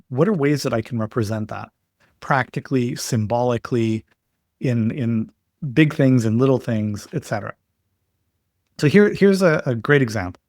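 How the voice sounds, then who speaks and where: A man as a podcast guest, explaining his ideas in a steady way with stories and examples. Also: mid-range voice, dry recording, clean studio sound. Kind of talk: explanatory interview talk.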